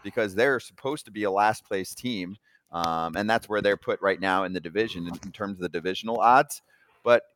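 A young man from New Jersey hosting a casual sports betting chat, talking in a chatty, animated way. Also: low voice, dry recording, clean studio sound. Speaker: sports betting podcast host.

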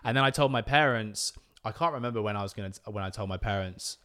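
British guy, low-pitched, lively storyteller, podcast guest. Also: quick pace, clean tone. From Britain. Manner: animated storytelling, breaks into voices to quote people. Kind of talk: casual chat.

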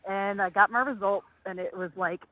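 A woman's voice: mid-range voice, fairly even intonation, normal speed, bright, forceful tone, dry recording. A woman in her thirties calling in to ask a question, speaking hesitantly with many fillers. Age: 30s. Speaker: caller. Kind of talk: call-in question. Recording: tinny phone line with faint hiss.

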